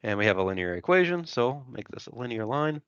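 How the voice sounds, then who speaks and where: A man's voice: mid-range voice, very animated, a little fast, a bit bright, clean tone, dry recording, lo-fi sound. Methodical man talking through an example. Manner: methodical, thinks aloud while sketching, frequent "right?" and "so". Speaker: engineering instructor. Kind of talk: screen-recorded lecture, working through an example.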